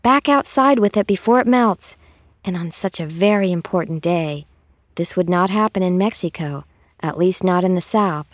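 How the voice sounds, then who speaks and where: Strict but loving dad as a woman reads him, slow firm commands, dry sound. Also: lowish voice, no room sound, natural voice.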